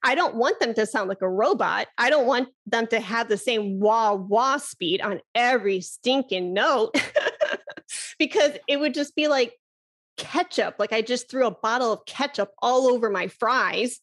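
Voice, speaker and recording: Upbeat woman, higher-pitched voice, laughing. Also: measured pace. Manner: enthusiastic, laughs often, demonstrates breathy "ha" sounds. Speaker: flute teacher, podcast guest. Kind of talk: casual interview chat.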